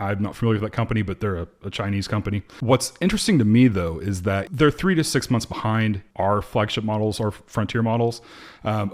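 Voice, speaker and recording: A man with a low voice hosts a podcast. He reads out headlines in a steady, measured way and then moves into casual chat with his co-host.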